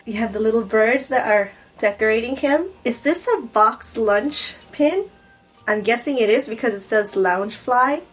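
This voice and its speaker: A woman unboxing gifts in a casual vlog, gushing and excitable, often breathless with delight. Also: a little high, moderate pace, rough recording. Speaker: YouTuber unboxing a gift box. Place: home in Japan.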